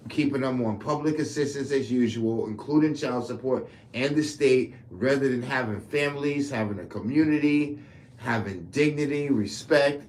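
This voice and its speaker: A man's voice: mid-range voice, a little mellow, a little hiss or hum. A man ranting heatedly to camera, profane and rambling. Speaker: commentator. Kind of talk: political rant to camera.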